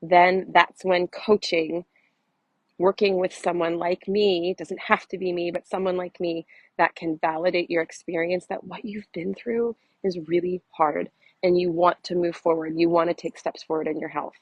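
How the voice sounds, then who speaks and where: A woman's voice: lowish voice, little pitch movement, normal speed, no room sound, lo-fi sound. A woman wellness coach talking casually to camera while walking outdoors, earnest and open, with frequent restarts. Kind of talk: casual vlog talk to camera. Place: outdoors, walking in an orange grove.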